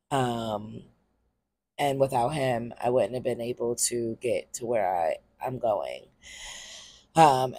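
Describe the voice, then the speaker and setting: A woman's voice: extremely low pitch, creaky, mellow, no room sound. Rambling, candid woman, dry close sound. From Harrisburg, Pennsylvania, US. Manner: rambling and candid, full of ums and cursing. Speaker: comedian and podcast host. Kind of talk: casual solo podcast monologue.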